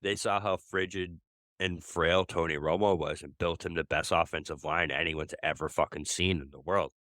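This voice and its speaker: A man's voice: low voice, steady tone, moderate pace, fairly bright tone, no room sound, clean studio sound. A man co-hosting a sports podcast in casual chat, rambling and swearing freely, often restarting his sentences. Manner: rambling and profane, with many restarts. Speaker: podcast co-host.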